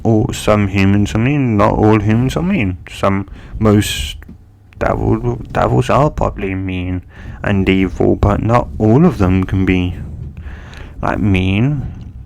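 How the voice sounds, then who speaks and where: Slow gravelly man rambling through a story. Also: on the low side, darkish tone. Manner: rambling, hesitant, full of fillers and restarts. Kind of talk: improvised fan-fiction narration.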